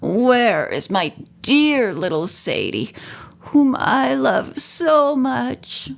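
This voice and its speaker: A woman's voice: fairly high pitch, very animated, drawn-out words, vocal fry, exaggerated voice. A woman voicing a scheming grown man who groans and pities himself while faking an injury. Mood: moaning. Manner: groaning, self-pitying.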